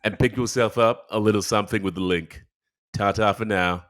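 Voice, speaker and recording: A man putting on a hammy, drawn-out Australian accent to voice a jokey sponsor announcer. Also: fairly low pitch, fairly even intonation, voice pushed up, close to an everyday voice. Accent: put-on Australian. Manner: hammy, drawn-out ad-read delivery.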